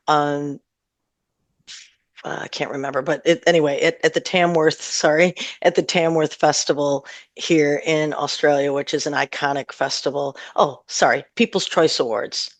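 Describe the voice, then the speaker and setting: A woman's voice: sits low, fairly even intonation, normal speed, no room sound. A middle-aged woman, a singer-songwriter, chatting casually and laughing often as an interview guest. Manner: chatty and warm, laughs often, rambles with fillers.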